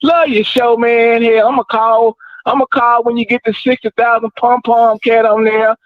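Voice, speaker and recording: A man calls in to a sports talk show, rambling in an easygoing way. His voice sits high. The call comes through a muffled, dull phone line. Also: flat delivery, moderate pace, dry recording. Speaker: caller.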